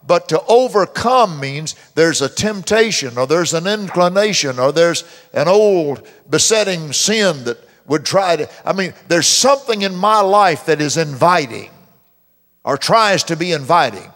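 A man preaching a sermon as pastor, stretching out key verses slowly and loudly, with dramatic emphasis. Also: animated. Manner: mimics complainers in a high whiny voice. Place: church sanctuary. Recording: long reverb of a church hall.

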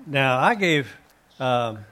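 A man appearing as a guest on a Christian show, earnestly telling about his faith and giving, with many pauses and restarts. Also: mid-range voice, animated, pushed and bright. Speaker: guest, author and minister. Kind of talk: testimony in a faith interview.

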